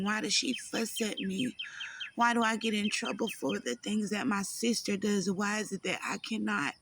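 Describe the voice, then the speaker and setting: Woman, gravelly, halting personal storytelling, emotional, pauses often. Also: medium pitch, a bit bright, a little hiss or hum. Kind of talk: personal life story told to camera.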